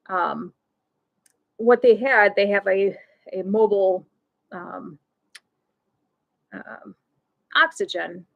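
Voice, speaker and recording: A woman hosting a live stream, telling a personal story in a halting way, often repeating words and restarting, laughing now and then through sad moments. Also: mid-range voice, poor audio. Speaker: host.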